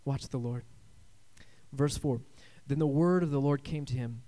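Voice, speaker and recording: A man preaching a sermon as pastor, swinging between loud emphatic lines and hushed quiet ones and calling for amens. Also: mid-range voice, unhurried.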